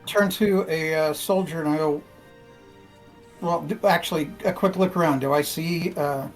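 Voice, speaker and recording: A man's voice: a little high, fairly even intonation, moderate pace, faint music behind. Determined man playing a tabletop game. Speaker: player. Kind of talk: casual tabletop play.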